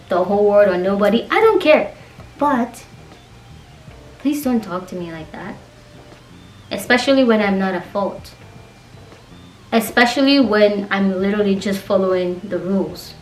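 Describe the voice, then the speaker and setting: A young woman vlogging a casual storytime rant, animated and exasperated, acting out the quoted dialogue. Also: mid-range voice, recorded from a distance. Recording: roomy echo, voice away from the mic.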